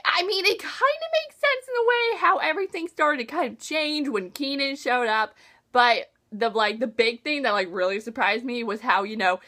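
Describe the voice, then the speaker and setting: A woman's voice: high voice, animated, normal speed, pushed and bright. A young woman talking casually and emotionally about a book she read, gushing and using slang. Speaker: book reviewer. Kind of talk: casual book talk vlog.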